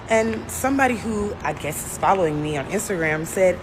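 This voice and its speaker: A woman's voice: on the low side, expressive, brisk. A woman speaking sarcastically and dismissively in a profane vlog commentary. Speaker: social media commentator. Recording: noisy background hiss.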